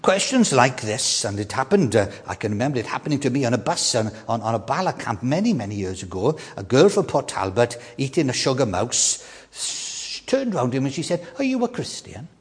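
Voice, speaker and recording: An older man preaching a sermon with an animated delivery, often repeating words and slowing down to stress key questions. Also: mid-range voice, big-room sound.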